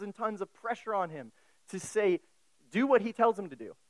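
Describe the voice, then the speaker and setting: A man's voice: sits high, animated, normal speed, no room sound, rough recording. A man preaching a sermon in a conversational way, often asking the listeners questions.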